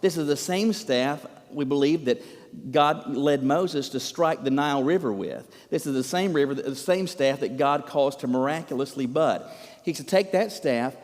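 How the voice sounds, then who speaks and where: A pastor delivers his sermon with emphasis and a stream of rhetorical questions, his fairly high voice carrying a long reverb through the church sanctuary. He presses each point home to the congregation. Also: moderate pace, darkish tone.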